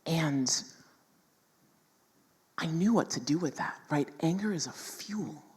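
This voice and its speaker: Low husky woman, animated emphatic storyteller, long hall reverb. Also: slow. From New York City. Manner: animated, emphatic, laughs often. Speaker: speaker in a stage talk. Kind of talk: personal storytelling talk to an audience.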